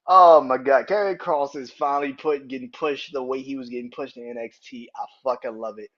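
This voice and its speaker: A man's voice: medium pitch, normal speed, a bit bright, dull audio. A man hosting a solo wrestling podcast, talking in a loose, profane way, laughing hard and acting out the lines of the people he quotes. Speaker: podcast host. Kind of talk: casual solo wrestling commentary.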